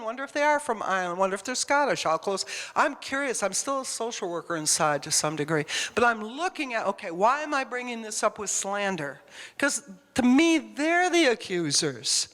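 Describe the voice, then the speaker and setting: A woman's voice: mid-range voice, fairly bright tone. A woman giving a conversational sermon, emphatic and rambling, often putting questions to the congregation. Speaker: church speaker. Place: church hall. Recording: long reverb of a church hall.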